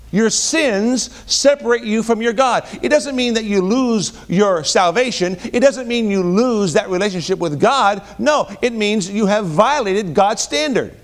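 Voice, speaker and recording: A middle-aged male pastor with a notably high voice preaches a sermon. He swings between loud, emphatic peaks and quiet, low asides. He often restarts phrases and repeats words mid-thought. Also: animated, normal speed.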